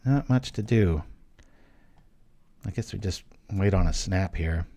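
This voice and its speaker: A young man hosting his channel, giving casual live commentary on a card game he is playing, thinking aloud with quick jokes and small exclamations. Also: low voice, warm tone.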